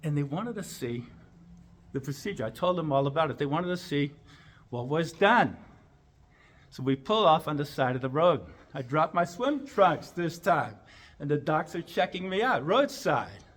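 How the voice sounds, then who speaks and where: Animated male chiropractor for a comic speech, husky, pitched a bit high. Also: normal speed. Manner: animated, acting out lines with big jumps in pitch and volume. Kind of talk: humorous storytelling speech.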